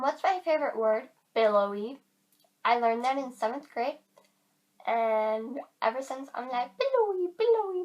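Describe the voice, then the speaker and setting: A teenage girl vlogging to camera in casual chat, chatty and giggly, filling her talk with "like", a bit tired. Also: fairly high pitch.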